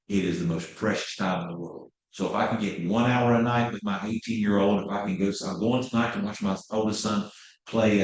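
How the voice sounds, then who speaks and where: A man in his fifties teaching a live class with blunt passion. He acts out what clients say and curses now and then. His fairly low voice rings through a very echoey room. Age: 50s. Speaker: real estate trainer. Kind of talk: live training talk. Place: training room.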